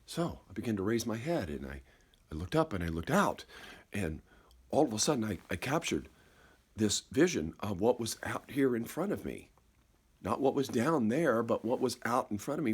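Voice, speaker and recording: A man telling a personal story in a slow, reflective way, halting and repeating words and dropping softer at key moments. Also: mid-range voice, breathy edge. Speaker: speaker.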